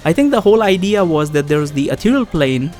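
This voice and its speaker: A man reading a text game aloud and thinking out loud between passages, with restarts. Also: on the high side, sing-song, fast. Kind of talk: casual game reading with commentary. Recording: faint background music.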